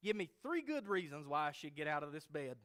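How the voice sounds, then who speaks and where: Sleepy grown son, as a preacher plays him, muffled, grumbling. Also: male voice, on the high side, very animated, fairly quick, a bit bright.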